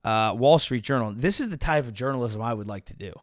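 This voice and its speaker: A male comedian hosting his show, riffing sarcastically in a rambling, animated way with sudden pitch jumps. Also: quick pace, no room sound, clean studio sound. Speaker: comedian podcast host. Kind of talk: casual comedic commentary.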